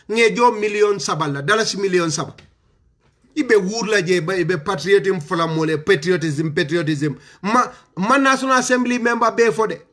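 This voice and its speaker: Gambian man, high voice, heated political speech, repeated rhetorical questions. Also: sharp tone. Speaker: political commentator.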